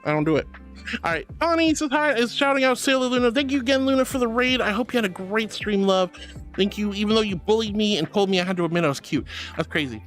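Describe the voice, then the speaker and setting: A man's voice: sits high, animated, fast talker, a bit bright, faint music behind. A man streaming and casually chatting, reading viewer messages aloud and gushing over them with lots of honey and sweetie.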